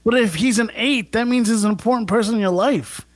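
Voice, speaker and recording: A man's voice: high-pitched, fairly quick, dry recording. A man co-hosting a radio talk show, needling his partner with probing questions in casual comedic chat.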